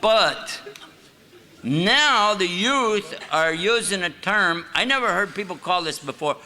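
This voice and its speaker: An older man from the United States lectures in a mosque with a folksy, joking storyteller's manner. His voice is pitched a little high and sounds very bright and sharp, with a long hall echo behind it. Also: animated, slow. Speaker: Islamic lecturer. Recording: echoey hall.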